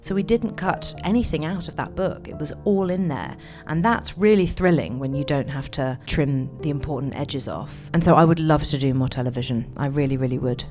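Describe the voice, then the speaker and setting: A woman with a low voice talks through her approach to acting, thoughtful and increasingly eager. A long reverb trails her words, and music plays clearly behind her. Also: fairly quick, hardly any pauses, a little mellow. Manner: thoughtful, growing more enthusiastic. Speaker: actress interviewed about her career. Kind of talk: casual interview.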